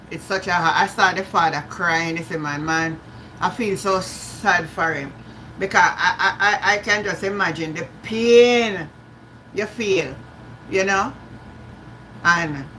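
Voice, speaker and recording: A woman's voice: mid-range voice, sharp tone, slight background noise, low-quality recording. A Jamaican woman hosting a live stream, chatting casually, greeting viewers by name and slipping into patois. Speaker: livestream host.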